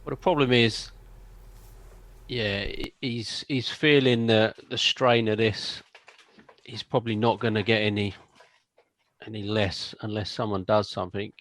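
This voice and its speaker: A man playing a tabletop game, speaking in a halting way with restarts. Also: on the low side, fairly even intonation, fairly bright tone, no room sound. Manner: halting, restarts his words. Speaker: player.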